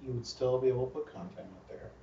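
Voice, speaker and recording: A man's voice: mid-range voice, fast, creaky, warm tone. A man joining a casual livestream as co-host, joking and swearing freely in loose banter. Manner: joking, profane, plugs the patrons. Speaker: co-host on the stream. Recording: echoey room, distant muffled mic, faint noise.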